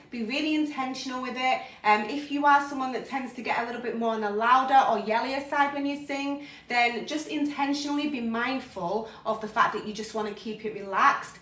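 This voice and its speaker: A woman vocal coach talking casually through her warm-up routine, relaxed and chatty, breaking into sung practice sounds. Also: fairly high pitch, normal speed, few pauses. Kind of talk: casual vocal warm-up lesson on a live stream. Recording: echoey room, voice a little off-mic.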